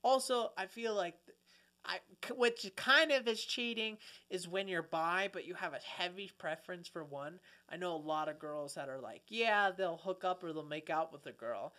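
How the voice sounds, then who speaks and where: A man co-hosting a podcast in casual comedic chat, animated and profane, rambling with many restarts. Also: high voice, normal speed. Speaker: podcast co-host.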